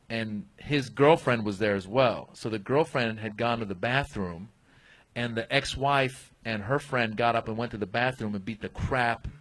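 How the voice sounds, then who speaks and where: A man telling an animated story as a guest comedian on a comedy podcast. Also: mid-range voice, low-quality recording. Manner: animated storyteller, acts out voices.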